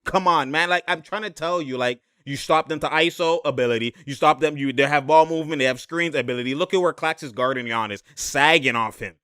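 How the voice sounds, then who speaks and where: Young dude hyped up breaking down game film, lots of slang and laughs, dry close sound. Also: male voice, on the high side, fairly quick, hardly any pauses, clean tone, no echo. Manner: excitable, slangy, laughs a lot. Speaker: basketball commentator. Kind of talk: casual game breakdown over footage.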